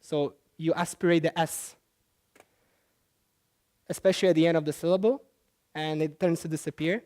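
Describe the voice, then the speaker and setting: A man presenting a talk to an audience, explaining at an easy pace with frequent pauses and self-corrections. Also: on the high side, fairly even intonation, darkish tone. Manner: halting, with frequent fillers and restarts. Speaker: conference presenter. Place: talk at a language festival.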